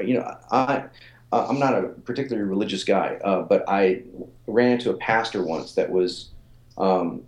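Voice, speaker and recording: A fitness author and coach in his forties tells stories during a casual interview, using lots of fillers and repeated words. His voice is lowish and the audio is reverberant.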